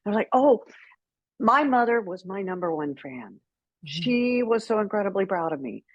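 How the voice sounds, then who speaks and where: A middle-aged woman, a guest author, telling candid stories in an animated way and acting out quoted lines. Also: mid-range voice, brisk, no echo, dull audio. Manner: animated, acts out quoted dialogue with laughs. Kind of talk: candid conversational storytelling.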